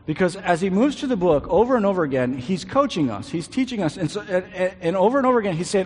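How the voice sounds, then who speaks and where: A man preaching a sermon, animated and conversational, often repeating words as he paraphrases scripture. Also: sits high, quick pace, few pauses, husky. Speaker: pastor. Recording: long reverb of a large hall.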